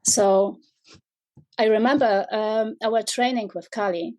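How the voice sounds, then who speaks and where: Slow, hesitant woman. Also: fairly high pitch, fairly even intonation, darkish tone. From Poland. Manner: hesitant, many fillers. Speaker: guest, equestrian professional.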